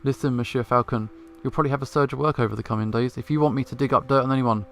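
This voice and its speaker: A man's voice: mid-range voice, racing, fairly bright tone, soft background music, close to an everyday voice. A man reading as a courteous fox detective. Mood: calm. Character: smooth-talking male fox private investigator.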